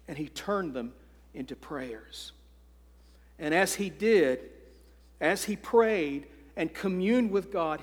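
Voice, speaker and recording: A pastor preaching a sermon in an earnest, deliberate way. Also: male voice, on the high side, long reverb tail.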